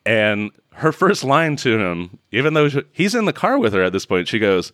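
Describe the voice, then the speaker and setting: A man's voice: normal speed, hardly any pauses, no room sound, studio quality. A man co-hosting a podcast, recapping a film with sarcastic asides and frequent laughter. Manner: sarcastic, laughing recaps with animated pitch jumps. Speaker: podcast co-host. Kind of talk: casual movie recap chat.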